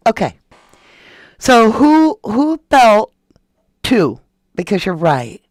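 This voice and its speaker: A woman's voice: a little high, very animated, takes it slowly, darkish tone, no echo, clean studio sound. A woman hosting a true crime podcast in a casual, chatty way, talking straight to her viewers and reading a document aloud.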